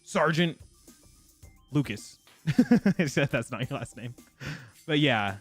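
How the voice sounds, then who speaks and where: A man's voice: medium pitch, big pitch swings, measured pace, husky, soft background music. A man chatting casually with his viewers while he streams a game. He rambles and laughs often. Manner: talks to chat while playing. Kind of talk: casual live gameplay chat.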